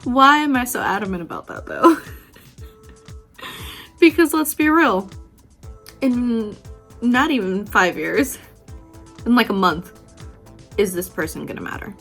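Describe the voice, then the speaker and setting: A woman giving a casual, candid motivational talk while doing her makeup, swearing freely and laughing often, moving between loud outbursts and soft, gentle passages. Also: on the high side, animated, unhurried, creaky, pauses often, soft background music. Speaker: beauty vlogger.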